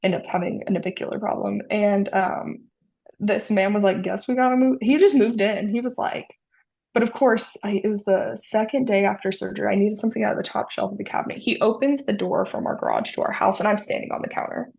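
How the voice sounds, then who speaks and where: A woman in her thirties, a podcast guest, telling personal stories casually with dry humor and animated retellings. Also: mid-range voice, a little fast, vocal fry. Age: 30s. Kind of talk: casual storytelling.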